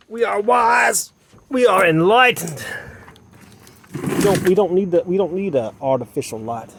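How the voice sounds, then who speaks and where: A man's voice: on the high side, slight background noise. A man talking to the camera as a mother, rambling to himself and repeating his phrases, outdoors at dusk while he sets up solar gear. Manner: repeats phrases, muttering and then rising into agitated outbursts. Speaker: vlogger in a mother persona. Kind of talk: rambling self-talk monologue.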